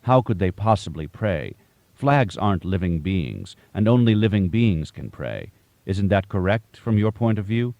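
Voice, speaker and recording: A man voicing a calm, cryptic Buddhist master who speaks gently, with certainty and teasing questions. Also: deep voice, a little slow, no echo, exaggerated voice.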